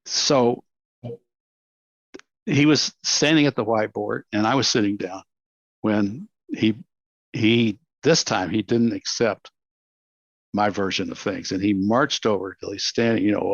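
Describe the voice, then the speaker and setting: A man in his seventies with a Texan accent, telling animated stories as an interview guest and acting out quotes. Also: lowish voice, slow, pauses often, no echo. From Texas, USA. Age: 70s. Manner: animated, acts out quotes, laughs often. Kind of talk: reflective storytelling. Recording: dull, dry audio.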